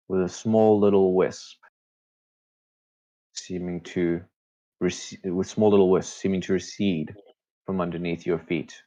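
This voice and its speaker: A man narrating a tabletop game as game master in slow, hushed sentences. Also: low-pitched, lo-fi sound.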